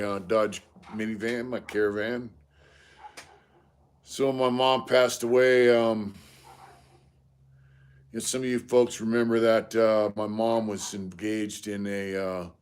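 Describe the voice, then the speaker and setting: A man's voice: lowish voice, smooth. A middle-aged man, chatting casually on a live stream and greeting viewers by name between stories.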